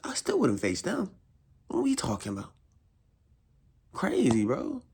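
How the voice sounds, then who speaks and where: A young man, a frustrated football fan, ranting in casual slang, repeating himself and swinging his voice high in exasperation. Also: wildly swooping pitch, measured pace, darkish tone, husky. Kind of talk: casual rant.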